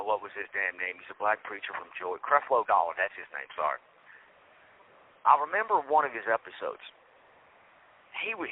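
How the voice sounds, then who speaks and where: A man hosting a podcast from prison, talking bluntly and defiantly with slang. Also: lowish voice. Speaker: podcast host. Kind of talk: podcast monologue. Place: prison, recorded by phone. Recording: tinny prison phone line.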